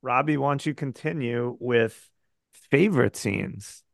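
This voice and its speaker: Dry-teasing man with gravelly voice. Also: medium pitch, measured pace, dry recording. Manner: dry teasing, steers the discussion. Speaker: podcast host. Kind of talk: casual movie-review chat.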